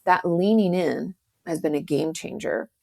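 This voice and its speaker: Chatty woman with a gravelly low voice. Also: a little slow, darkish tone. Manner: chatty, many "like" fillers, acts out quotes. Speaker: guest, author. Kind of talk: casual podcast conversation.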